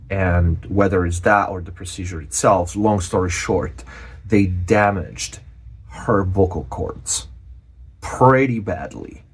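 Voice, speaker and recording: A man from Europe, a channel host giving a personal update, speaking earnestly with many pauses and restarts. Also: sits low, husky.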